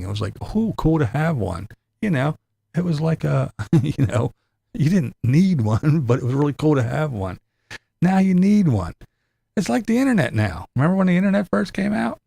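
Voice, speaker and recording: A man's voice: mid-range voice, creaky, mellow. An older man with grandkids, cursing and laughing through a sarcastic rant in his vlog. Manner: profane, sarcastic, laughing often. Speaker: vlogger. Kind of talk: ranting monologue.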